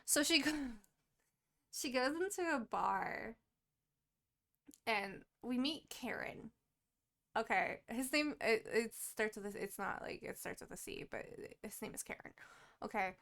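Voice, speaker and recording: Profane, animated young woman with a gravelly edge. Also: a little high, slow pace, long pauses. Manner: animated and profane, acts out quoted characters. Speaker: podcast co-host. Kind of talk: casual chat, retelling a book plot.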